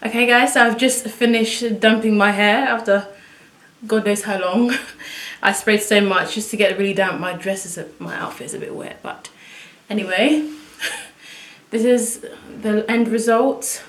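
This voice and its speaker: A woman chatting to viewers as she works through a casual makeup tutorial at home, excitable and talking as she goes. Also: mid-range voice, measured pace. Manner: chatty, excitable, talks to viewers while working. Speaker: beauty vlogger. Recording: echoey room.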